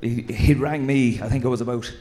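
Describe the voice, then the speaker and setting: A man's voice: medium pitch, fairly even intonation, fairly quick. A man, a former footballer, telling swearing, laughing anecdotes in casual chat. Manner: swearing, laughing anecdotes, mimicking a shouting manager.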